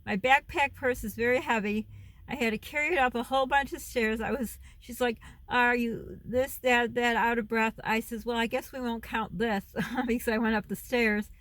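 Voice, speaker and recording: Talking to her phone camera, this middle-aged vlogger mom wanders off topic, loses track of what she was saying and laughs a lot. She speaks fairly quickly with a steady, fairly bright voice on the high side, and there's no room sound.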